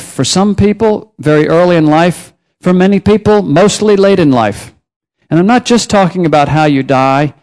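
A man preaching a sermon as a missionary, telling personal stories with lively rises and drops in pitch.

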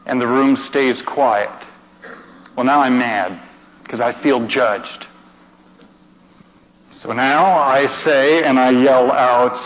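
Theatrical preacher in an echoing hall. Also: male voice, medium pitch, slow, pauses often, slight background noise. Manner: emotive, theatrical, with hushed passages and shouted outbursts. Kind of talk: dramatic storytelling sermon. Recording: dull sound with long hall reverb.

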